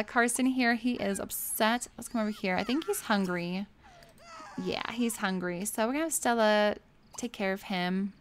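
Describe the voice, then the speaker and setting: Chatty woman gushing through gameplay. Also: mid-range voice. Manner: chatty, giggly, gushing over the game. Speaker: gameplay streamer. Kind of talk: casual gameplay commentary.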